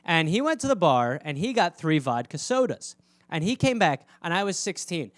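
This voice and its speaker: High-voiced man telling profane stories. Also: very animated, moderate pace, dry recording. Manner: profane, rambling anecdotes. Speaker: podcast host. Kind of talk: casual comedic storytelling.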